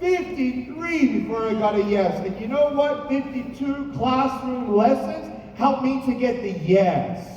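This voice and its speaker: Rallying a live audience from the stage, a male motivational speaker talks emphatically and keeps repeating his points. His very high-pitched, animated voice is unhurried with few pauses, recorded from a distance in an echoey hall with crowd sounds, background noise and cut-off highs.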